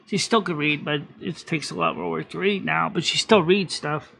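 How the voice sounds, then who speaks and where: A man's voice: fairly high pitch, moderate pace, creaky, bright, forceful tone, a little hiss or hum. A man hosting a live stream in casual chat, rambling with many restarts and self-corrections.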